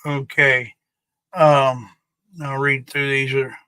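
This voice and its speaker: Slow-talking profane stream host, man. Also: mid-range voice, level tone, pushed and bright, clear, resonant tone, dry recording. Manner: rambling, profane, drawn-out. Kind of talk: casual live stream chat.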